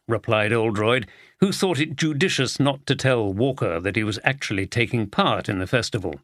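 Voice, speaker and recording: A man reading a mystery audiobook aloud in steady, even scripted narration. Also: on the low side, moderate pace, dry recording, clean studio sound.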